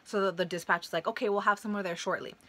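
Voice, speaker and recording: A woman's voice: medium pitch, quick pace, no echo. A young woman casually telling a personal story to camera, blunt and profane, acting out the voices of people in it. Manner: blunt and profane, animated retelling. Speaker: vlogger.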